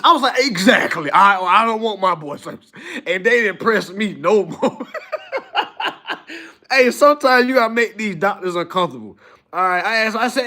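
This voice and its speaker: Man, animated rant, AAVE, lively swooping pitch, fairly high voice. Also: normal speed. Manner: animated, addresses viewers as y'all, mocking high-pitched impressions. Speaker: livestream host. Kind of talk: casual ranting livestream monologue.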